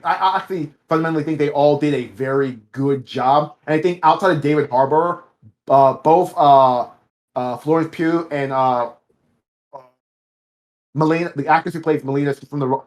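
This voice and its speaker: A man with a slightly higher voice than most talks through a casual review chat. He rambles, restarts his sentences and drops the odd curse word as he works through his thoughts. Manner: rambling, self-correcting, swears casually. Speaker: podcast co-host.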